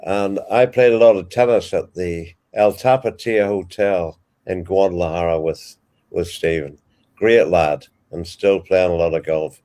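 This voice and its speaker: An older man with a Northern Irish accent, telling lively anecdotes as an interview guest. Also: low-pitched, measured pace. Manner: animated, vivid storyteller. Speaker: interviewee, veteran sports commentator. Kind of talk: anecdotal storytelling.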